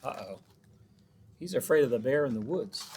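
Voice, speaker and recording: A man's voice: mid-range voice, animated, moderate pace, darkish tone, husky. A man who is a children's librarian, reading a picture book aloud with chatty asides to the children.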